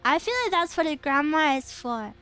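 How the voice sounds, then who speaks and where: A young woman with a high voice chats loosely on her stream, drifting from one thought to the next and laughing as she goes. Quiet background music plays faintly under her. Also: animated, normal speed. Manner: chatty, rambling, giggly. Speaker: VTuber streamer. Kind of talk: casual chat stream.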